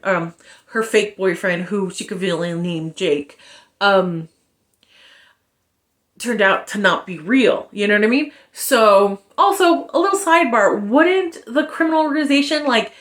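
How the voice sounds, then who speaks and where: A woman giving a casual spoken book review, animated and sarcastic, with exasperated asides and the odd curse. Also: medium pitch.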